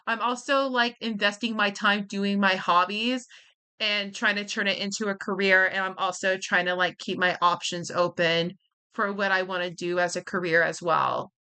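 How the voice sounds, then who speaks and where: A woman's voice: medium pitch, steady tone, normal speed, bright, forceful tone, clean tone. A woman in her twenties chatting as she streams a game, rambling with lots of fillers. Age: 20s. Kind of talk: let's-play commentary and chat.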